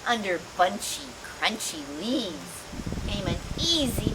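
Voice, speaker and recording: A woman volunteer reads a children's picture book aloud in a playful manner, acting out sound effects and chatting with the young listeners between pages. Her mid-range voice swings hugely in pitch at a slow pace, and the recording is very noisy.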